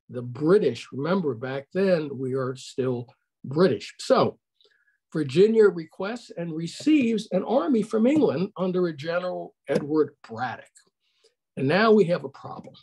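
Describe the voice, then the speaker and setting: A man's voice: high-pitched, a little mellow, breathy edge. An older man giving a conversational online history lecture over a video call, putting questions to his audience.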